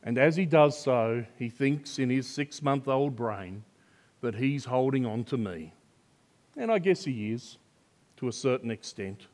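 Slow, earnest older male preacher. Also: mid-range voice, animated, a little mellow. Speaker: pastor. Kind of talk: sermon.

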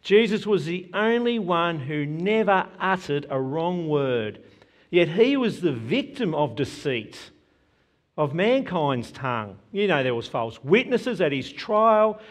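A man delivering a sermon in an unhurried, deliberate way, every phrase given room. His voice sits a little higher than most men's. He leans hard into the scripture he quotes. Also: sing-song. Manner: earnest, measured preaching with emphatic quoted scripture. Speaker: preacher.

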